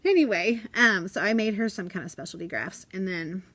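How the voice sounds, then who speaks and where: A woman's voice: mid-range voice, a little fast, fairly bright tone. A woman who teaches elementary school, chatting casually in a vlog from her classroom desk. She talks in a bubbly, chatty way and giggles often.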